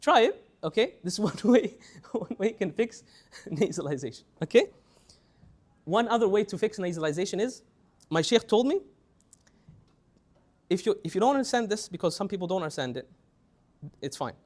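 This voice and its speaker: A young man teaching a tajweed class in a lively lecture style, often repeating words and breaking off to chant slow example phrases. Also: high-pitched.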